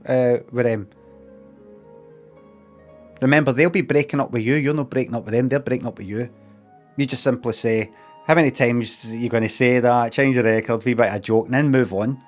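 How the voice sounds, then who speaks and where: A middle-aged Glaswegian man talks in a loose, rambling deadpan on a livestream, his voice sitting at an ordinary middle pitch. Now and then he jumps into little acted-out exchanges. Soft music plays faintly underneath. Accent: Scottish, Glaswegian. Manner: rambling, deadpan, acts out mock dialogue in a raised voice. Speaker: streamer. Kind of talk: casual livestream chat with chat readers.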